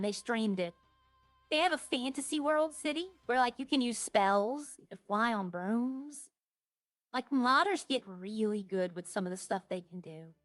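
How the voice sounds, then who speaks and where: A woman's voice: a little high, fairly bright tone, no echo. A woman streaming a roleplay game, rambling to herself as she plays and chatting in character. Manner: rambling, talks to herself while playing.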